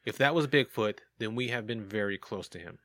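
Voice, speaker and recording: A man's voice: on the low side, animated, fairly quick, fairly bright tone, no echo, studio quality. A man hosting a casual podcast, reading sighting reports aloud and joking about them. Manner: jokey, reads reports aloud with asides.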